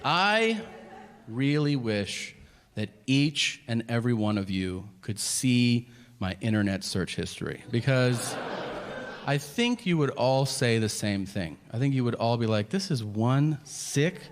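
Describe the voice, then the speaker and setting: A man doing a stand-up comedy set on a club stage, crude and deadpan in his setups, then shouting the punchlines. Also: mid-range voice, measured pace, clear, resonant tone. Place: comedy club stage before a live audience. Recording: reverberant venue with audience noise. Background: audience laughter.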